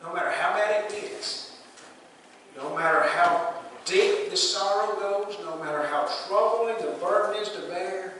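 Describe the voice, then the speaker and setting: Speaking a little slowly, the pastor has a high, somewhat bright voice as he delivers a plain-spoken sermon full of questions for the congregation. The church sanctuary recording is distant and echoey, with slight background noise.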